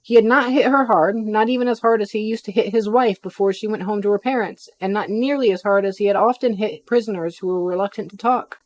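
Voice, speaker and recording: A woman's voice: medium pitch, a little fast, few pauses, darkish tone. Chatty woman reading a novel on stream. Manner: chatty asides between reading, some stumbles. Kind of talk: live-stream read-aloud with casual asides.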